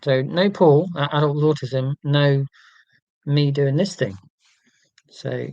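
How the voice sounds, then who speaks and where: A man's voice: on the high side, a little slow, dark tone, no echo, muffled recording. A man hosting a casual livestream, reading out viewer comments and talking in an earnest, rambling, self-deprecating way with many ums and restarts. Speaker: livestream host.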